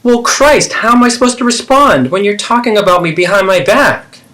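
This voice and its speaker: A man's voice: high-pitched, expressive, normal speed, sharp tone, voice pushed up. A man voicing a defensive, self-pitying middle-aged mother in a therapy role-play, deflecting and indignant. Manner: dramatic, deflecting, swings between hurt and indignant.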